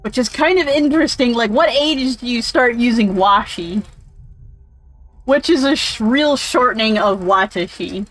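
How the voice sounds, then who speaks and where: A woman's voice: a little high, moderate pace, fairly bright tone, soft background music, low-quality recording. A woman casually commentating while playing a game, rambling and swearing freely. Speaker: let's play streamer.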